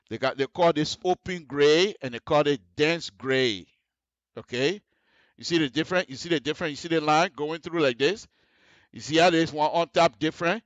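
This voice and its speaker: A man's voice: fairly high pitch, moderate pace, no room sound. A man teaching road construction and design on a radio show, walking listeners through the details and checking often that they follow. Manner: explanatory, repeats checks like "you see the difference?". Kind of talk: on-air technical tutorial. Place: radio studio.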